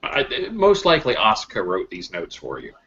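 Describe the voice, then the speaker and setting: A man's voice: on the low side, huge pitch swings, moderate pace, pushed and bright. A man narrating a tabletop role-play as game master, laughing often and talking with many fillers. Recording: dull lo-fi mic with faint noise.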